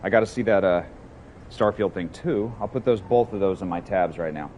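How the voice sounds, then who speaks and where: A man streaming a game from his hot room at home, talking excitedly and with a lot of swearing to his chat. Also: deep voice, fairly quick, dull audio, a little hiss or hum. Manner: excited, profane, chatty with chat. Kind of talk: casual livestream chat.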